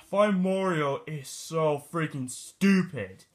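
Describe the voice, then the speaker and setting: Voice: mid-range voice, lightly acted. Someone doing a grumpy, sighing plush shark. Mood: grumbling. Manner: sighing, grumbling, slow. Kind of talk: plush toy puppet video.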